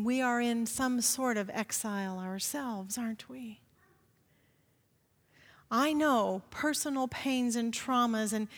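A woman's voice: high-pitched, fairly bright tone. A woman pastor giving a conversational sermon in a church sanctuary, often asking the congregation rhetorical questions. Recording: reverberant sanctuary.

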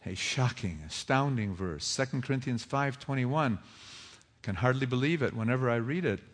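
A man preaching a sermon, asking his listeners question after question and moving between hushed reflection and rising fervor. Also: mid-range voice, lively intonation, normal speed. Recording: long hall reverb.

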